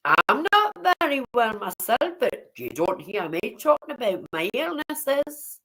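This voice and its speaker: A woman's voice: on the high side, very animated, a little slow, hardly any pauses, sharp tone, poor audio. A woman chatting casually on a livestream, blunt and swearing freely as she greets viewers by name. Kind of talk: casual live-stream chat with viewers.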